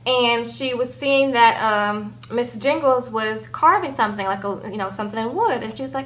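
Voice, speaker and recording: A woman giving a casual, animated recap of a TV episode, peppering it with "girl" and "okay?". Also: fairly high pitch, normal speed, few pauses, rough recording. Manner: chatty, animated, says "girl" and "okay?" often. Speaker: TV show recap reviewer.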